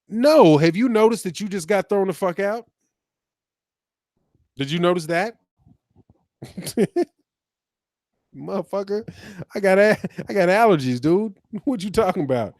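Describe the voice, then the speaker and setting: A high-voiced man hosts a casual livestream, reading comments aloud and firing back at them. He is animated and profane and laughs often. The sound is dry and close to the mic. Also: measured pace, pauses often, no room sound. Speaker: boxing channel host.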